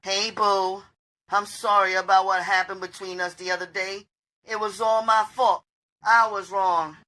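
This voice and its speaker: A man's voice: sits high, level tone, unhurried, sharp tone, pitched above the performer's own voice, low-quality recording. A man reading an audiobook, voicing a needy, dope-hungry young woman who pleads and apologizes. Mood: apologetic. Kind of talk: audiobook character voice.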